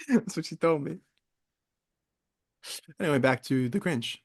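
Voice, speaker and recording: Young guy chatting on a podcast, kinda high voice, goes off on tangents a lot. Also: takes it slowly, husky. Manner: animated storyteller, jumps to tangents. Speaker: podcast co-host. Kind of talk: casual chat.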